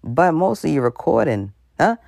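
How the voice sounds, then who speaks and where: A vlogger giving casual, rambling and suspicious commentary, with animated asides and laughter mid-sentence. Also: medium pitch, moderate pace, gravelly, no room sound.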